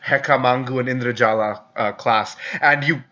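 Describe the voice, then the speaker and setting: A man's voice: mid-range voice, steady tone, moderate pace, sharp tone. A man narrating a tabletop game as game master, telling the story with animation and laughing easily. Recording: slightly dull, lo-fi recording.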